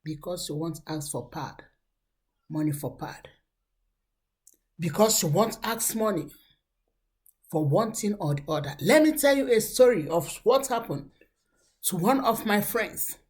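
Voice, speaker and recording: A woman's voice: lowish voice, lively intonation, a little slow, long pauses, a little mellow. A woman giving earnest, preachy relationship advice to young women, acting out the people she quotes. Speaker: relationship coach. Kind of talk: motivational advice talk.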